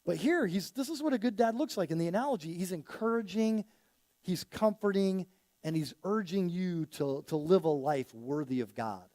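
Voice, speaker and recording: A man's voice: high voice, animated, normal speed, mellow, no echo. A man preaching a casual, story-driven sermon as a pastor, acting out quoted dialogue with rising energy.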